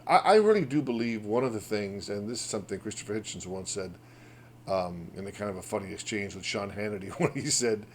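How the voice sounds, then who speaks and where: A man with a fairly low voice gives an emphatic monologue on his own podcast. He piles up rhetorical questions and wanders into asides. A faint hum runs under the recording. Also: animated, a little fast. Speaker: podcast host. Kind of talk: casual opinion monologue.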